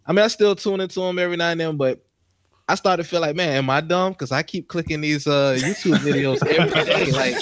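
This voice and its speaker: A man's voice: on the high side, fast, no echo. A man joining a casual podcast as a guest, speaking earnestly and full of slang. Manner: slangy and earnest, often saying "bro".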